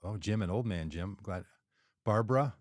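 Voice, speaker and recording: A man's voice: fairly low pitch, moderate pace, dry recording, clean studio sound. A man co-hosting a casual political podcast, talking in a rambling, chatty way and laughing at himself. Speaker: podcast co-host.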